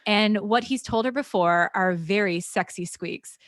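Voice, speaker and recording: A woman's voice: mid-range voice, a little slow, a bit bright, no room sound, clean studio sound. A woman co-hosting a comedy podcast, reading fan fiction aloud and often dissolving into giggles. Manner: giggly, breaks into laughter while reading. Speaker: podcast co-host.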